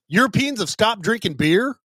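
Guy cracking jokes on a podcast, high voice that jumps all over, dry close mic. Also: pushed and bright, no room sound. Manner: wisecracking, quick interjections, crude jokes. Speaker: podcast co-host. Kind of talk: casual comedic chat.

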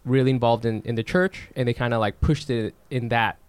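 A man co-hosting a casual podcast chat, animated, with many restarts and "you know"s. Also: medium pitch, a little fast, clear, resonant tone, dry recording.

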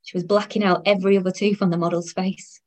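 A woman's voice: fairly low pitch, flat delivery, fast, darkish tone. A woman in her thirties narrating her own story in the first person, in a wry, weary tone. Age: 30s.

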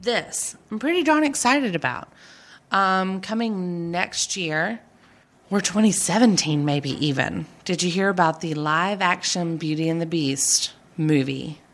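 A woman's voice: fairly low pitch, unhurried. A middle-aged woman hosting a casual chat podcast, gushing and chatty, often laughing. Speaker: podcast host.

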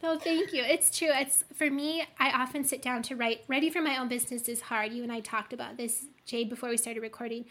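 A woman's voice: fairly high pitch, fairly even intonation, fairly quick, few pauses, fairly bright tone, a little hiss or hum. A middle-aged woman talking casually as a podcast guest, chatty and full of asides. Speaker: guest, email copywriter.

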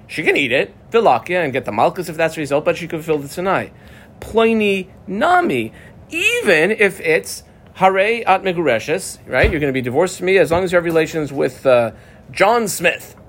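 A man teaching a Talmud class in a lively, conversational way, moving between English and Aramaic terms. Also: on the high side.

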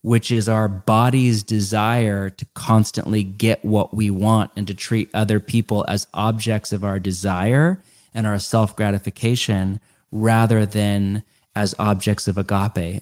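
Earnest man explaining in quick lists. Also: fairly low pitch, little pitch movement, darkish tone. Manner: earnest and explanatory, listing ideas in quick runs. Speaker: guest author. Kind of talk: conversational podcast interview.

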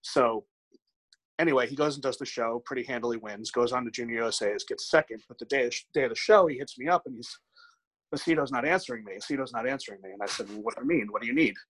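Candid, swearing coach telling stories. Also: male voice, mid-range voice, fast talker, no room sound, poor audio. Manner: candid, profane, animated anecdotes with quoted dialogue. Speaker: bodybuilding coach. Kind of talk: casual podcast storytelling.

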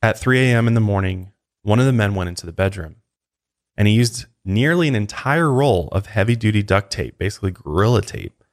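A man with a fairly low voice recounts a crime story at an even, conversational pace, slipping into casual asides now and then. His telling stays plain and steady. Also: brisk. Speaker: true crime podcast host.

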